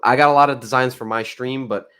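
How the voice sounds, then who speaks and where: A man co-hosting a casual wrestling podcast, talking in an excitable, rambling way and laughing often. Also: mid-range voice, fast, clean tone. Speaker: podcast co-host.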